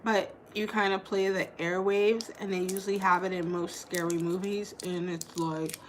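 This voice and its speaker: A woman's voice: fairly low pitch, little pitch movement, normal speed, a little hiss or hum. A woman in her thirties chatting casually to her vlog viewers, rambling and playful, with lots of "like" and restarts. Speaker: vlogger.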